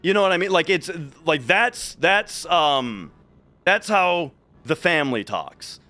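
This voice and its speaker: A man's voice: fairly high pitch, lively intonation, a little slow, sharp tone. A man from Minnesota with a light Minnesotan accent, chatting casually on a speedrun stream and restarting his sentences often. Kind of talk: casual livestream chat.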